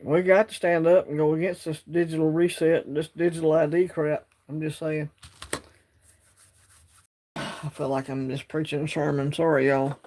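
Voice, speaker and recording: A man's voice: on the high side, flat delivery, moderate pace, darkish tone. Rambling man on a phone livestream. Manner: rambling, drawling, reads chat aloud. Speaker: livestream host. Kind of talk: casual livestream chat.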